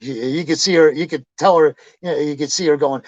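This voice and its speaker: A man being interviewed, casually telling profane, animated stories and acting out what people said. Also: a little high, quick pace, few pauses, no room sound, muffled recording. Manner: profane, animated anecdotes with acted quotes. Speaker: interview guest, pro wrestler. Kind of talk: casual storytelling.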